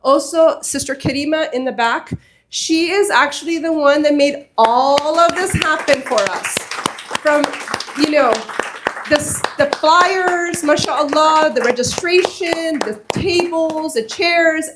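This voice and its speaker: A woman with a bright, high voice addresses a crowd at a mosque gathering. She speaks as a community organizer, heartfelt and earnest, and presses the audience with urgent appeals. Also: a little slow, noisy background. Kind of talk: impassioned speech to an audience. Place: community hall at a mosque event.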